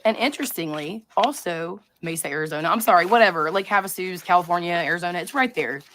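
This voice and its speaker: A woman's voice: fairly low pitch, quick pace, fairly bright tone, a little hiss or hum. Woman rambling through theories to her chat. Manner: rambling, conspiratorial, self-interrupting. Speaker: livestream host. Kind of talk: live-streamed commentary to chat.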